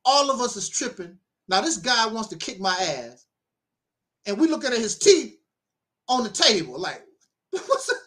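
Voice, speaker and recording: A man's voice: high voice, measured pace, pauses often. A middle-aged man, a minister, giving a casual spoken monologue, telling stories with frequent laughter and preachy asides. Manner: animated storyteller, laughs often, preachy asides.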